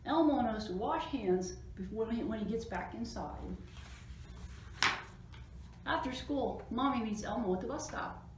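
Librarian reading aloud in an echoey room. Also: female voice, on the high side, unhurried, pauses often. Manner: animated, chatty asides about the pictures. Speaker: children's librarian. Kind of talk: reading a picture book aloud to children. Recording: roomy echo, distant mic, faint noise.

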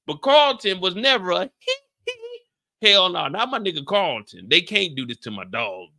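Animated, high-pitched man recapping a show. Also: measured pace, creaky. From San Francisco Bay Area. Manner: animated, profane, acts out scenes with shouted put-on lines. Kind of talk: casual recap chat.

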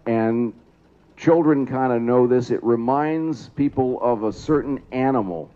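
A man's voice: mid-range voice, unhurried, mellow, lo-fi sound. A man announcing a trolley parade to a crowd outdoors, explaining things and asking the audience questions. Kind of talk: public address commentary to a crowd. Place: outdoors at a trolley museum event.

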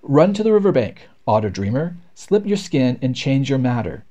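A man reading nature poems aloud in a rhythmic, expressive way. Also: medium pitch, normal speed, lo-fi sound. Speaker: reader. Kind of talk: poetry read aloud.

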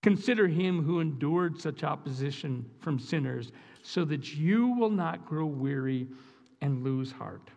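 An Upper Midwest American man preaching a sermon in a high, gravelly voice, taking it slow. He sounds earnest and emphatic and repeats himself for weight. The voice rings out with a long hall reverb. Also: lively intonation, dark tone, highs cut off. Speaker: guest preacher. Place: church sanctuary.

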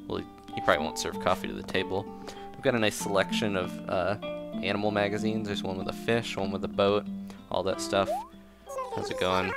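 Laid-back male gameplay commentator, low voice, rambling and chuckly, with game music under him. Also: moderate pace. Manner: easygoing, rambling, chuckles often; reads game dialogue aloud in playful voices.

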